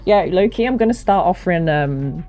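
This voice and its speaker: A young woman, a streamer and hobby voice actor, chats casually into a desk mic on a stand at her home streaming setup. Her voice is low, deep and mellow, expressive at a moderate pace, and she rambles self-deprecatingly with lots of fillers and restarts.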